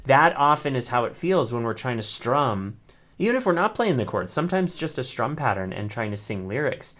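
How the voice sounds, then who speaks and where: A man's voice: medium pitch, very animated, normal speed, fairly bright tone. Encouraging male ukulele teacher. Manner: encouraging, explains step by step, often asks "right?". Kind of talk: teaching an online class.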